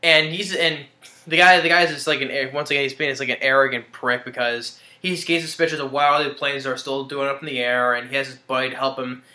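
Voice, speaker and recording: A movie reviewer talks through a film informally, hesitant and rambling, with lots of restarts and chuckles. He has a medium-pitched, sharp voice with fairly even intonation and a fairly quick pace, recorded in a roomy, echoey space.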